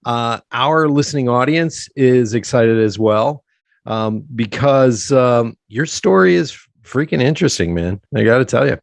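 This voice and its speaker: A man's voice: medium pitch, animated, a little slow, creaky, dry recording. Man, podcast host, from South Central Pennsylvania, chatty, laughing, dry sound. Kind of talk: casual interview chat.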